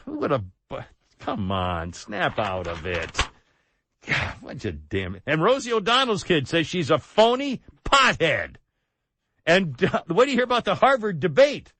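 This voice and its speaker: A man's voice: sits high, wildly swooping pitch, normal speed, a bit bright. A man hosting a radio talk show in a casual chat style, rambling and self-mocking, on a studio microphone.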